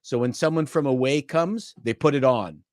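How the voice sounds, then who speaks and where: A man's voice: mid-range voice, normal speed, no echo, studio quality. A man chatting casually as a podcast panelist, rambling and joking, from a home basement. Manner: jokey, rambling storyteller.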